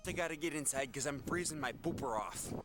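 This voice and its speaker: A man's voice: fairly high pitch, brisk, music in the background, close to an everyday voice. A man with a Wisconsin accent talking in a folksy, jokey vlog manner.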